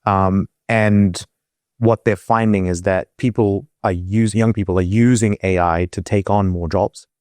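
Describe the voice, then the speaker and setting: A man's voice: on the low side, fairly even intonation, measured pace, a little mellow, no room sound, clean studio sound. A man co-hosting a podcast in casual chat, rambling with lots of restarts and fillers. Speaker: podcast co-host.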